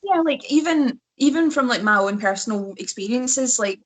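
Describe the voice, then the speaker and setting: A young Scottish woman, a wrestler, chatting casually as a podcast guest with lively storytelling. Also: on the high side, moderate pace. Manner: lively storytelling, mimics other people's voices. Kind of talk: casual chat.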